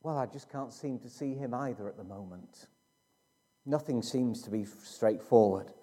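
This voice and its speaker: A man preaching a sermon in a slow, emphatic way with dramatic pauses. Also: mid-range voice, warm tone.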